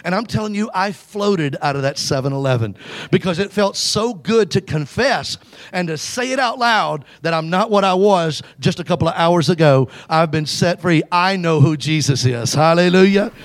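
A man preaching from the pulpit, with a voice pitched a little above the usual male range. He tells his story with emphasis. Now and then he urges the congregation to call out and answer him. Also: moderate pace. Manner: exhorting the congregation to call back. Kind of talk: storytelling sermon.

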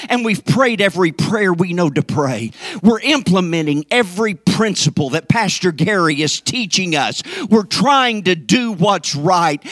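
Fervent preacher, swinging loud to hushed. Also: male voice, high voice, lively intonation, normal speed, few pauses, no echo. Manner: fervent preaching that swings from shouts to near whispers, calls to the congregation. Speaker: pastor. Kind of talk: sermon.

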